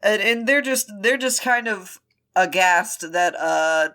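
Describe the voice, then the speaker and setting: A woman's voice: mid-range voice, expressive, slow pace, bright, forceful tone. A woman co-hosting a podcast, chatting casually and playfully as she recaps a drama. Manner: playful, joking, breaks into laughs. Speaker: podcast co-host.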